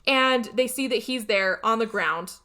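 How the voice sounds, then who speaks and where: A woman's voice: a little high, a little slow, bright, forceful tone. Chatty woman rambling through a plot. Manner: chatty, rambling, swears, keeps checking in with "okay?". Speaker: podcast host. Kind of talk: casual movie recap.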